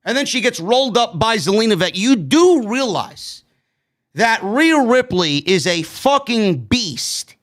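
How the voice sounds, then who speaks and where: Sarcastic high-voiced man reviewing wrestling. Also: big pitch swings, measured pace, fairly bright tone. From New York. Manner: sarcastic, blunt, swears freely. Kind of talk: opinionated solo show review.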